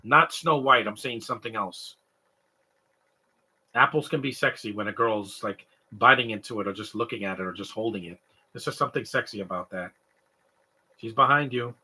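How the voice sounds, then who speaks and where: A young adult man from Canada, co-hosting a live stream in rambling, animated comedic chat. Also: fairly low pitch, moderate pace, pauses often, husky. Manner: rambling, animated, mimics stutters and sobbing noises.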